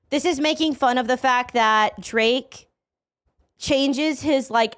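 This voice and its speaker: A woman's voice: fairly high pitch, smooth. Profane, rambling woman streamer. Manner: profane, rambling, many fillers and restarts; animated, laughing bursts. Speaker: streamer reacting to music. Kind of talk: casual reaction commentary.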